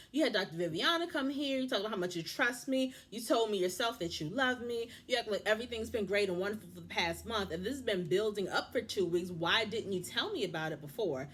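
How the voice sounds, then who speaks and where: A woman in her thirties giving a casual TV recap, animated and indignant, talking straight to the people on the show. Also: mid-range voice, slight background noise. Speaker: TV recap vlogger.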